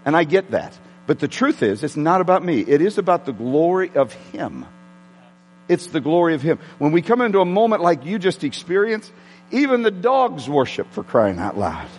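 A man preaching a sermon to his congregation, excitable and prone to yelling. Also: a little high, moderate pace. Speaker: pastor. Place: church sanctuary with congregation. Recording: long hall reverb.

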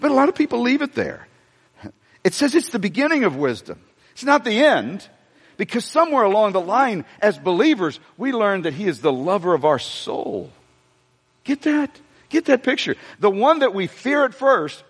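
A man preaching a sermon, animated, repeating himself and speaking straight to the congregation. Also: high-pitched, normal speed, husky. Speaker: pastor. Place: church sanctuary. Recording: long hall reverb from a church sanctuary.

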